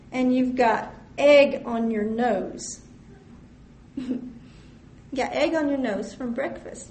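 A woman's voice: high-pitched, a little mellow, a little hiss or hum. A woman preaching a sermon, reading scripture aloud and speaking prayers in an earnest, explanatory way. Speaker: Bible teacher. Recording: echoey room with faint ambience.

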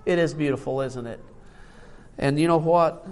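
A man's voice: fairly high pitch, normal speed. An older man preaching a sermon, emotional and tired, reading scripture aloud with rising emphasis. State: tired from little sleep.

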